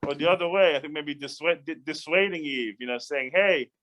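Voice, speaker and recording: A man, a rabbi, leading a casual Bible study, talking in an animated, chatty way with many restarts and asides. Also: a little high, fairly quick.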